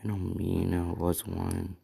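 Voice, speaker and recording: Low, gravelly young-sounding man rambling. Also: completely flat delivery, takes it slowly, dark tone. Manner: rambling, thinks aloud, corrects himself often. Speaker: fan-fiction storyteller. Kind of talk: improvised casual storytelling.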